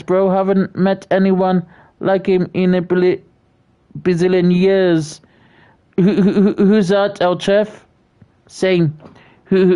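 Here a medium-pitched British livestreamer reads his viewers' messages and gives them warm shout-outs. The chat is easygoing, marked by frequent stammers and repeated words.

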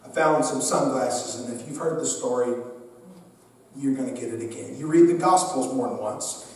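A man's voice: medium pitch, moderate pace. A man preaching a sermon, a pastor telling a humorous personal story and joking with his congregation. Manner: humorous, lively storyteller who acts out the people in his stories; talks directly to the congregation and jokes with them. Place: church sanctuary. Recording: echoey church hall, mic at a distance.

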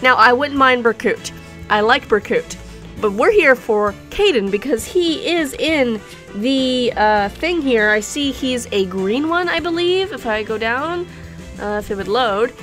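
A young woman YouTuber giving excitable, giggly commentary while summoning in a gacha game, pleading with it for the character she wants. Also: on the high side, measured pace, faint music behind.

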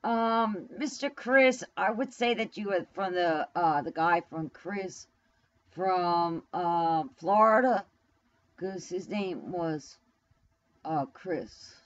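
Streaming live from her New York home, a woman rambles casually to viewers, bluntly and profanely answering the chat. Her voice is on the low side and she takes her time. The camera mic gives it a lo-fi sound.

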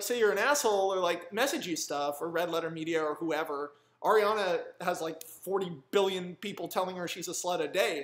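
High-voiced man rambling through a story. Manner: animated, rambling, profane. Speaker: screenwriter. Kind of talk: casual storytelling monologue. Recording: roomy echo.

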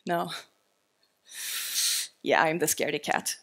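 A woman speaking at a tech conference, presenting in a lively, conversational way with casual fillers. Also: medium pitch, measured pace. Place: conference stage before an audience.

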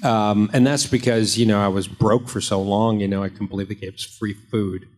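A man's voice: on the low side, fairly even intonation, brisk, a little mellow. A man in his fifties, an actor at a convention panel, answering fan questions with rambling, joking anecdotes.

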